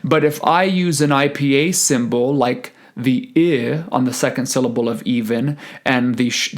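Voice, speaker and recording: A man who is a choral conductor, explaining rehearsal methods in a deliberate presentation. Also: mid-range voice. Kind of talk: recorded conference presentation.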